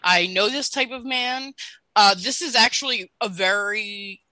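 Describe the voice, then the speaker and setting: A woman's voice: medium pitch, sharp tone, no room sound, rough recording. A woman in her thirties co-hosting a podcast, blunt and emphatic in casual chat. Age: 30s. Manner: emphatic, slow and blunt, swears when annoyed. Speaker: podcast co-host.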